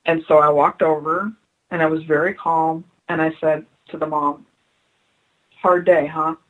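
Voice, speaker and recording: Over phone-quality sound, a low-pitched woman talks at normal speed in a level tone. She's a spiritual adviser on a radio interview, choked up, telling earnest stories and returning to her key phrases for emphasis.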